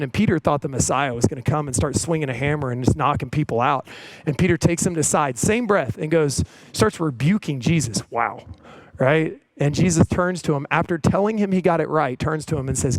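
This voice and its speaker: Guy preaching like he's chatting, stories with quoted lines, slightly high voice, dry sound. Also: normal speed, no echo, low-quality recording. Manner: conversational, tag questions, retells stories with quoted voices. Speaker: preacher and coach. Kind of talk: sermon.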